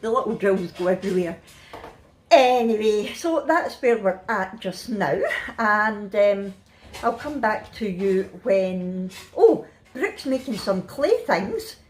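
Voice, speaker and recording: A middle-aged Scottish woman talks from her bed at home in a casual, chatty family vlog. Her voice is medium-pitched and slow, and she sounds worn out but relaxed, laughing often.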